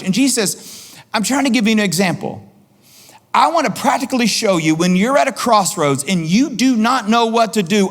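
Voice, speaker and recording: A male pastor preaching a sermon in an animated way, acting out quoted voices and repeating lines for emphasis. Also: sits high.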